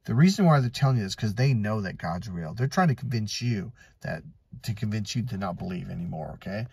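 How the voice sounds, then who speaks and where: A man's voice: fairly low pitch, expressive, brisk, vocal fry, a little mellow, breathy edge, no room sound. A man coaching listeners in a casual motivational monologue, blunt and profane, telling stories and acting out the dialogue. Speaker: life and relationship coach.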